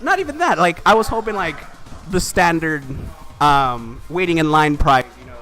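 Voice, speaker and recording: A man's voice: a little high, expressive, moderate pace, bright, forceful tone, faint music behind. A man telling a long frustrated story in casual chat, full of "you know" and "like" fillers. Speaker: commentator.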